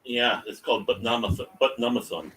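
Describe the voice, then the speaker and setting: A man co-hosting a casual stream, quick with wry, sarcastic jokes. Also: medium pitch, a bit bright, poor audio. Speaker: co-host. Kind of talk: casual chat.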